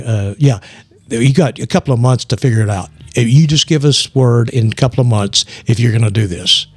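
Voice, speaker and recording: A man with a Texan accent, telling a long story as the guest in casual talk, animated, acting out quoted voices, often restarting his words. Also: mid-range voice, slightly rough, no echo. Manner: frequent restarts and stammers. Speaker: guest actor.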